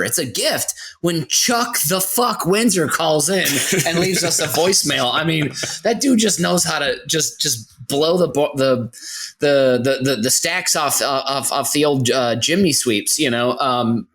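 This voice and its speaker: A man's voice: a little high, measured pace. A man competing on a comedy podcast, rambling through silly bits and tripping over his own words for laughs. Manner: rambling, stumbles for laughs, lively swings. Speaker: contestant.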